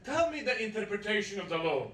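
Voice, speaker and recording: High-voiced man preaching in an echoey church. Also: sing-song, fast talker, fairly bright tone, far from the mic. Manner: storytelling with playful asides to the congregation. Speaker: pastor. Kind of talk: sermon. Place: church hall.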